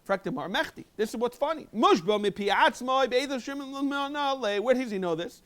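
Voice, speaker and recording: A man, a rabbi teaching a Talmud review class and explaining in a quick, animated way. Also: extremely high pitch. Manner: quick, animated explaining with sudden emphatic jumps. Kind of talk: Talmud lecture, English mixed with Hebrew and Aramaic terms.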